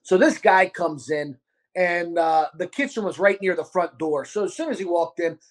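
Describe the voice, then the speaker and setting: A man with a Baltimore accent, hosting a podcast and telling a restaurant story in a loud, profane, animated way. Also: high voice, normal speed. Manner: animated, profane, acts out quotes. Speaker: podcast host, restaurant owner. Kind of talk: casual storytelling chat.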